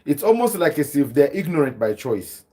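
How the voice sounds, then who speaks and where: A man's voice: fairly high pitch, normal speed. A South African man hosting a livestream podcast, talking animatedly to his viewers and reading their chat. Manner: animated, laughing, addresses viewers as guys. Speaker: podcast host.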